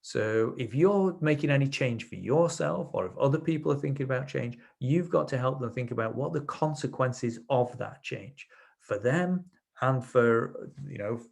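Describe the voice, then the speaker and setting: A man giving a webinar on NLP, explaining techniques through client stories in a relaxed, chatty way and acting out what his clients said. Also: medium pitch, moderate pace, vocal fry. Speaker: webinar presenter, NLP trainer. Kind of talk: explanatory webinar talk with anecdotes.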